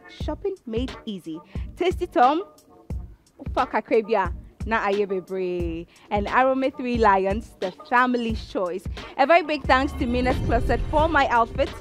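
Bubbly Ghanaian woman presenter. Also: a little high. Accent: Ghanaian English. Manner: bubbly, chatty. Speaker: host. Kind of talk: TV show sign-off.

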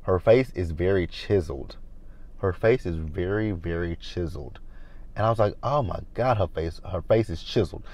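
A man's voice: low voice, normal speed, a little mellow. A man from the American South giving a chatty, blunt review of a reality TV episode, acting out the cast in quotes. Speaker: reality TV recap vlogger.

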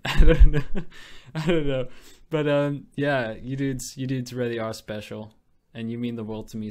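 A young man hosting a gaming video, gushing and rambling as he thanks his viewers, stumbling over his words and giggling. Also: medium pitch. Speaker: gaming channel host. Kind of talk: casual vlog commentary over mobile gameplay.

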